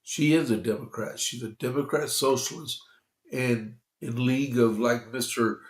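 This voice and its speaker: A man hosting a conservative news podcast, talking slowly with many fillers and restarts while congested, reading from opinion pieces. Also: medium pitch, fairly even intonation, roomy sound. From Texas. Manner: slow, halting, with frequent fillers and restarts. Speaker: podcast host.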